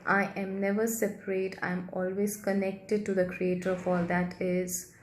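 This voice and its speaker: A woman guiding a healing meditation in a soft, gentle, slow and repetitive way. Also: mid-range voice, level tone. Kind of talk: guided meditation. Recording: roomy echo with faint background hiss.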